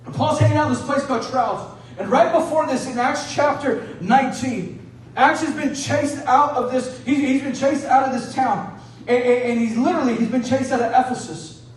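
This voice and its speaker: A man's voice: extremely high pitch, normal speed. A male pastor preaching a sermon, telling a story in a conversational way and often asking "right?". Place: church sanctuary. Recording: roomy church hall, mic at a distance.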